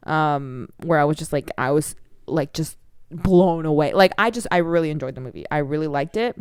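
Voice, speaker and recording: A young woman co-hosting a podcast in casual chat, chatty and quick to laugh, with lots of fillers. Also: deep voice, clean tone, no room sound, studio quality. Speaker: podcast co-host.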